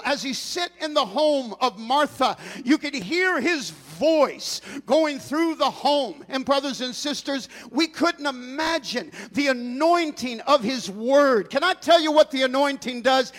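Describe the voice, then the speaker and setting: A man preaching a sermon in a church, passionate and building to shouted, almost sung lines. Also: very high voice. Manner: impassioned preaching, rising to shouts and a sung cadence. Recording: long reverb in a large hall.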